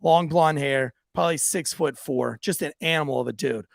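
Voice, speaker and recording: A man, a former police officer, co-hosting a podcast and telling profane, animated stories in casual chat. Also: on the high side, moderate pace, vocal fry, no echo, clean studio sound.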